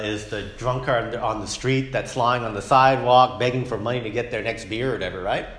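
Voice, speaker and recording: A man's voice: medium pitch, fairly bright tone. Male Sunday school teacher, echoey room. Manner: conversational, keeps asking "right?", acts out imagined speakers. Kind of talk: Bible lesson talk.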